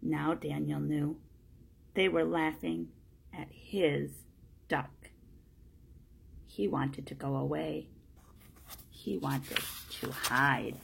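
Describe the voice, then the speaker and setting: A woman reading a children's storybook aloud in a plain, steady way, one sentence at a time. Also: sits low, creaky, slight background noise. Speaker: storybook reader.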